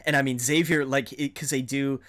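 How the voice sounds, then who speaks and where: A man co-hosting a casual podcast, telling stories excitedly with frequent restarts and laughter. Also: mid-range voice, a little fast. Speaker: podcast co-host. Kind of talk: casual chat.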